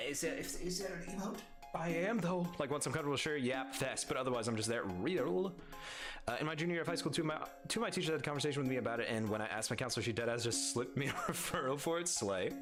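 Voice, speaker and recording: Animated young man chatting on a livestream. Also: medium pitch. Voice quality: animated, swears freely, laughs often, reads chat aloud. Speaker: streamer. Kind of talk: casual livestream chat.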